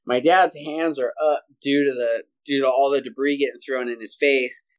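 Brief: man, podcast guest on a video call, casual animated storyteller, mid pitch, keeps saying "dude". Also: normal speed. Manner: animated, energetic storyteller, says "dude" often.

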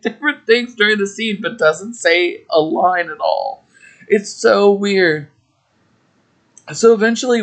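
A podcast host casually recapping an episode, who laughs often and talks with plenty of fillers. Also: mid-range voice. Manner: laughs often while retelling; chatty, with frequent fillers.

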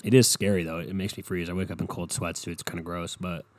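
A man's voice: deep voice, fast. A young man rambling through a profane, comedic monologue as a podcast host. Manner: rambling, profane, animated storytelling.

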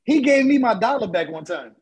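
A man telling expressive, laughing stories in a casual podcast chat. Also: very high voice, a little fast, breathy edge, rough recording.

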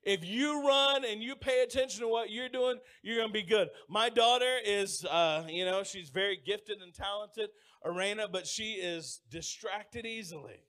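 A man's voice: high-pitched, moderate pace, hardly any pauses. A man preaching a sermon, telling folksy stories and calling on the congregation to answer back. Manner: lively preaching with call-and-response; folksy storytelling. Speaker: pastor.

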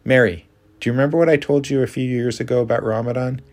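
A man's voice: medium pitch, steady tone, fast talker, darkish tone, pitched above the performer's own voice, lightly acted. A man voicing a tired, irritable husband who answers curtly and snaps. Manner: curt, snappish.

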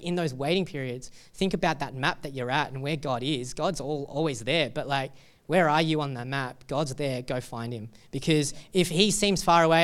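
A man's voice: fairly high pitch, fairly bright tone, smooth. A young adult man, a pastor giving a sermon in a casual, joking way and reading scripture with feeling.

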